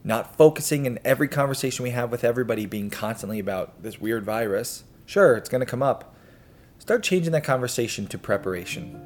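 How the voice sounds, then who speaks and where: A man with a slightly low voice talks casually to his viewers as the host of a homesteading channel. He is relaxed and chatty, a little self-deprecating, with faint music playing behind him. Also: a little fast. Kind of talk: casual talk to camera.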